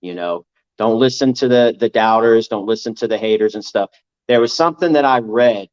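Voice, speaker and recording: A man's voice: lowish voice, fairly quick, a little mellow, clear, resonant tone. A man in casual podcast chat, talking earnestly and motivationally, repeating his points. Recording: dull lo-fi audio.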